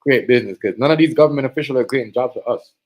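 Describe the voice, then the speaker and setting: A man streaming a casual monologue, talking in animated street slang and repeating himself. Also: mid-range voice, racing, low-quality recording.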